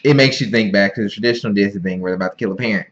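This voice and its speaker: Low-voiced man rambling about a movie. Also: racing. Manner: rambling, giggly, self-deprecating. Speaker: movie reviewer. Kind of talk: casual chat. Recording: dull lo-fi recording.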